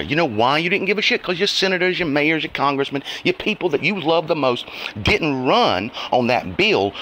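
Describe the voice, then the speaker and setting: Cursing guy ranting to his viewers, sarcastic, pitch all over the place, sharp bright voice, faint hiss behind. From United States. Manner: profane, scolding and sarcastic. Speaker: vlogger. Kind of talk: angry rant to camera.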